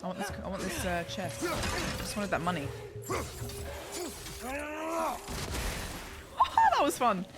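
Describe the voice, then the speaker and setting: A woman's voice: mid-range voice, very animated, fairly quick, over loud music. A young woman streamer chatting and reacting aloud as she plays a video game. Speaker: gaming streamer. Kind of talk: let's play commentary.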